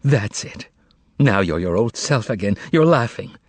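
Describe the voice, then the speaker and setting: A man's voice: fairly low pitch, animated, measured pace, dry recording. A man voicing a grieving, devoted woman who pleads tenderly through tears, in an audiobook reading. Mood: teasing.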